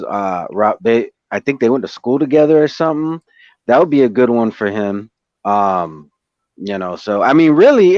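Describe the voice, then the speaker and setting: A man in casual podcast chat, talking in a measured, hesitant way. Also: mid-range voice, a little mellow, dry recording. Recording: dry, muffled lo-fi audio.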